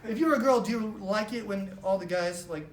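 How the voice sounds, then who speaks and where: A woman's voice: mid-range voice, fairly quick. Chatty woman trainer in a roomy hall. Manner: animated, chatty, heavy use of "like", acts out quotes. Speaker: sales office trainer. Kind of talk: casual motivational training talk. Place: office meeting room with a live audience. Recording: roomy live room with faint noise.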